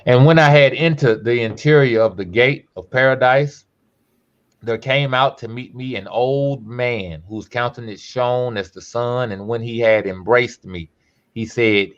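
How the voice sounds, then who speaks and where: A man hosting a podcast who reads a scripture text aloud slowly and emphatically, breaking off for casual asides. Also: medium pitch, dull audio. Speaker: podcast host.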